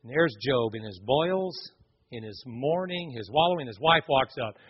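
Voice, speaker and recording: A man's voice: mid-range voice, expressive, normal speed, breathy edge. A man preaching a sermon, speaking emphatically and telling stories as he addresses the congregation directly. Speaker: pastor. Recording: echoey hall, dull lo-fi recording.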